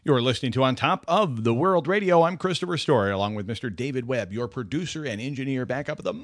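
Animated, rambling male radio host. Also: medium pitch, fast talker, faint music behind. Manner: animated, rambling, self-mocking. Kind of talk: casual radio talk. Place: radio studio. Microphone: studio mic.

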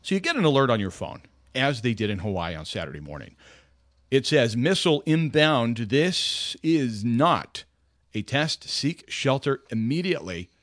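Male radio host, casual rambling chat, very animated pitch, dry studio mic. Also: moderate pace, dry recording. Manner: animated, rambling, self-mocking.

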